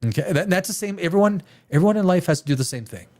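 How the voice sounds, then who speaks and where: A screenwriter hosting a show rants through a review in a high voice at very fast speed. He's animated and swears, restarting frequently and mimicking the dialogue.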